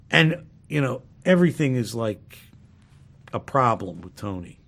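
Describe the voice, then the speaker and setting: A man, a former sitcom cast member, telling a rambling anecdote in a relaxed interview. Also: mid-range voice, measured pace, creaky. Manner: rambling, relaxed, many fillers.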